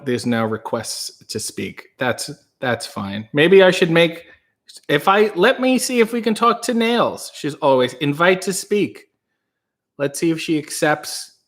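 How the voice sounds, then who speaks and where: A man hosting a casual livestream, rambling and joking while he reads out chat comments. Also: on the high side. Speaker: livestream host.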